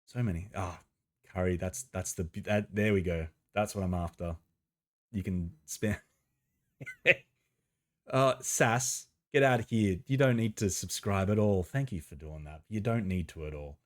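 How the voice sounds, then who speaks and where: A man live-streaming a game, chatting casually with viewers, greeting them by name and laughing and swearing easily. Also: a little slow. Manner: chatty, greets viewers by name, bursts of excited rising pitch.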